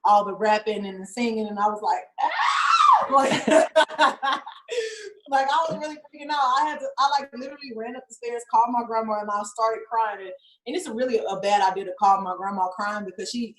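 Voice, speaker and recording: A woman's voice: a little high, a little fast, raised voice, slight background noise. A young woman rapper, chatting in an interview, laughing often and saying "like" constantly. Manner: laughs often, fills speech with "like". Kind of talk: casual interview chat. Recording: roomy echo.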